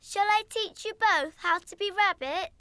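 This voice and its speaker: A woman's voice: extremely high pitch, unhurried, bright, forceful tone, no room sound, studio quality, heavily acted. A woman voicing a friendly, playful little girl rabbit in a children's cartoon, with a giggly manner. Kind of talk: cartoon voice acting.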